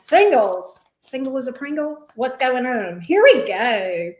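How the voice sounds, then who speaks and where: Woman, tarot reader, live reading, chatty, exclamatory, teasing, slightly high voice, echoey room. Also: big pitch swings, unhurried, slight background noise.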